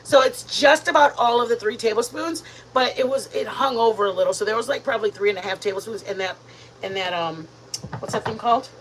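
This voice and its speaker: A woman's voice: a little high, brisk, a bit bright, a little hiss or hum, poor audio. A woman hosting a live cooking stream from her home kitchen, chatting in a rambling way and talking to viewers as "you guys". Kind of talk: casual live-stream chat while cooking.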